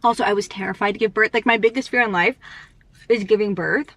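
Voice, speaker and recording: A young woman vlogger chatting casually and rambling, full of fillers, talking fast because she is in a rush. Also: medium pitch, a bit bright, no echo. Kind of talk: casual chat.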